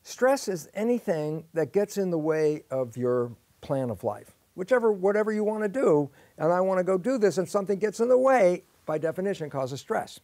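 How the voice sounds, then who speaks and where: A man in an interview explains biology in a lively way, acting out both sides of the questions and answers himself. His voice sits a little high for a man. The sound is dry and close, with no room echo. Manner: lively, acts out both sides of imagined dialogues. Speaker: guest scientist.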